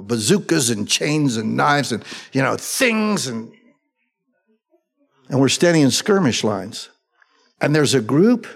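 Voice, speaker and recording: A middle-aged male pastor teaching through the Bible verse by verse in a relaxed, conversational way, mixing in personal stories. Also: medium pitch, creaky, slightly rough. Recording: long hall reverb.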